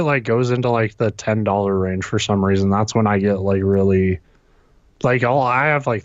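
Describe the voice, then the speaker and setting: A man with a low voice chats on a gaming podcast, hesitant and full of fillers, swearing now and then. His mic sounds dull and dry. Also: dry recording. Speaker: podcast co-host. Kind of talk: casual gaming podcast chat.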